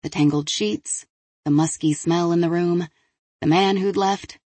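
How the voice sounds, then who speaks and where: This female audiobook narrator has a low, husky voice and tells the scripted story in a steady, measured manner. No room sound is audible.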